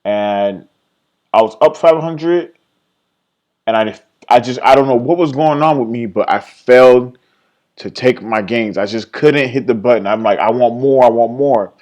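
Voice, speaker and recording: In an unhurried screen-share vlog, a young man goes over his day trades, rambling and trailing off before starting again. He swears freely and is hard on himself, and when quoting his earlier thoughts he shifts into an excited, higher voice.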